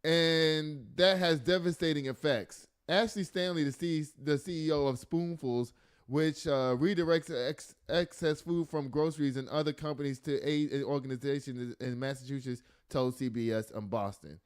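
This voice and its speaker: A man's voice: fairly high pitch, normal speed, clean tone. A man hosting a casual news podcast, reading stories aloud and breaking off into exasperated, joking asides. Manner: laughs and jokes often. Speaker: podcast host.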